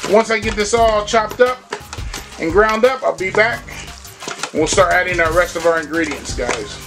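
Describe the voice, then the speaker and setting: A man hosting a home cooking show, chatting casually and walking viewers through each step in his kitchen. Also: high voice.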